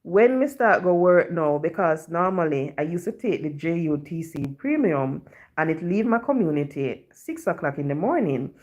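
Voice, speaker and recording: A woman's voice: fairly low pitch, lively intonation, normal speed, a little mellow. A Jamaican woman telling a story to her live-stream viewers in chatty patois, often dropping in "you know".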